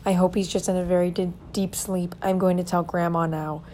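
Young woman chatting to her listeners, kinda low mellow voice, bit of hiss behind. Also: level tone, fairly quick. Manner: chatty, dramatic storytelling. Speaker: podcaster. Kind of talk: casual chat.

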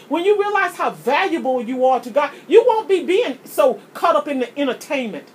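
A woman's voice: high-pitched, big pitch swings, normal speed, few pauses, slight background noise. A woman preaching, often repeating words as she builds a point. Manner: impassioned, preachy, repeats words when starting a thought. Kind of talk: sermon.

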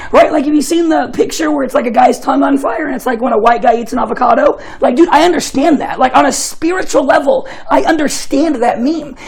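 A man's voice: very high voice, fast talker, few pauses, low-quality recording. A young man giving a casual, joking sermon, telling chatty stories and often laughing. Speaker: preacher.

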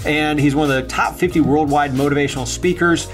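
A man's voice: fairly high pitch, fairly even intonation, fairly quick. Podcast host man with faint guitar music. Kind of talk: podcast interview hosting.

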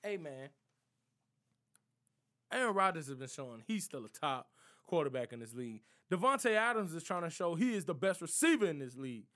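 Young guy, high-pitched, slangy NFL picks vlogger, playful trash talk. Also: fairly bright tone. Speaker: sports prediction vlogger. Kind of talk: casual NFL picks monologue.

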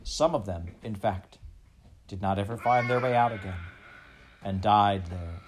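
A man reading a children's novel aloud, a measured storyteller who often speaks straight to the listener. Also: fairly low pitch, slight background noise. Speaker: audiobook narrator.

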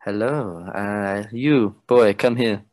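A man voicing a commanding female stage performer who asks slow, coaxing questions. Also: fairly low pitch, a little mellow.

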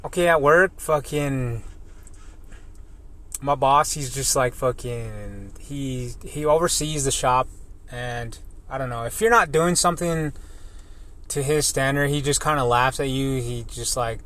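A man's voice: mid-range voice, measured pace, a bit bright. A man in his thirties, a welder, venting in a rambling casual monologue full of swearing and fillers. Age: 30s. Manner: frustrated, venting.

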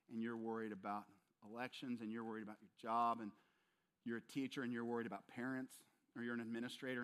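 A male pastor preaching a sermon, emphatic and repetitive, often speaking straight to his listeners. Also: mid-range voice.

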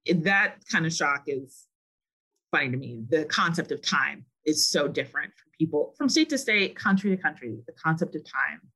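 A young woman from Massachusetts, a podcast guest telling stories in a chatty, animated, friendly way. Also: deep voice, normal speed, breathy edge. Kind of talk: casual podcast interview.

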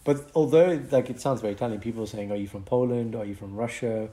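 A young man with a lowish voice co-hosts a relaxed podcast. He explains medical topics with lively, animated energy. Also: quick pace, heavy background noise. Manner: explanatory, animated, breaks into mock accents for fun. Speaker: podcast co-host, doctor. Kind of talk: casual podcast chat.

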